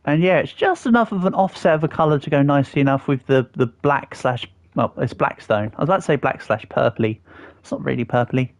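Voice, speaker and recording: With a mid-range voice and a slightly quick pace, an Englishman in his thirties chats on his livestream, building and responding to viewers' comments. There's no echo in the audio.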